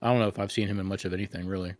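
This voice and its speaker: Low-voiced man, crude casual podcast co-host. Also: steady tone, racing, a little mellow, no echo. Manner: crude, rambling retelling with profanity.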